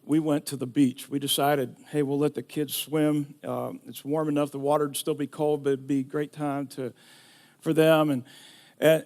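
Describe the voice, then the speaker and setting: Middle-aged male pastor, a bit high-pitched, animated sermon storyteller. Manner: storytelling, rising to shouting in emotional retelling.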